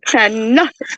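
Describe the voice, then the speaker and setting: A woman's voice: high-pitched, bright, forceful tone, no echo, muffled recording. Distraught woman venting through tears. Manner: distraught, swearing, voice breaking into tears. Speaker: vlogger. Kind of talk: tearful venting monologue. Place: outdoors by her car in hot humid weather.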